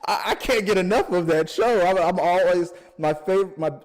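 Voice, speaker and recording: A man co-hosting a casual podcast. His talk is loose and animated, and he drops in jokes and laughs as he goes. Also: sits high, a little fast. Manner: animated, jokey, laughs often. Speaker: podcast co-host. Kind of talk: casual chat.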